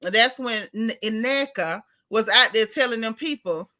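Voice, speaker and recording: Sassy, bright-voiced woman host. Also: a little high, a little slow. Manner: sassy, animated storytelling with slang. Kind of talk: casual reality TV recap commentary.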